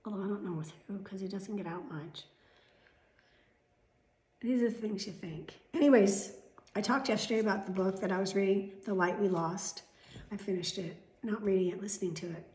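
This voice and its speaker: A woman venting in a casual vlog, swearing freely and swinging between loud outbursts and whispered asides, a little chesty. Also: medium pitch, fairly quick, roomy sound. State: coughing, chesty. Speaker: vlogger.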